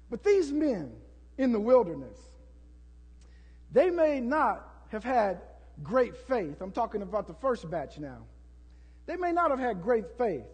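A man preaching a sermon as pastor, building to shouts and acting out prayers to the congregation. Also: extremely high pitch, breathy edge, long reverb tail.

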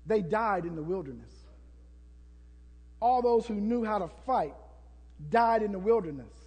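High-voiced husky preacher in a reverberant hall. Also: male voice. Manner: preaching with rising shouts and acted prayers. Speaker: pastor. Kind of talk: sermon.

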